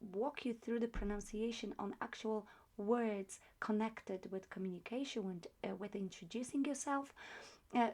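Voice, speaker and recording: Woman, language teacher, unhurried delivery, patient, repeats words. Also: on the high side, darkish tone. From Poland. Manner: patient, explains slowly and repeats words for practice. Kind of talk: online language lesson.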